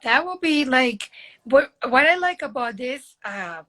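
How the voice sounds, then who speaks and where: A woman's voice: sits high, expressive, a little slow, pushed and bright. A woman in her thirties chatting casually and rambling on a live video call about modeling. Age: 30s. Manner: chatty, rambling, talks directly to the host. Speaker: model and guest.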